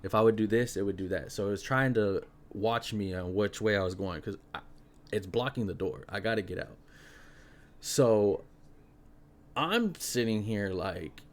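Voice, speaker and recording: A young man hosting a podcast, telling a spooky personal story in an animated, casual way, full of fillers. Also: lowish voice, moderate pace. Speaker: podcast host.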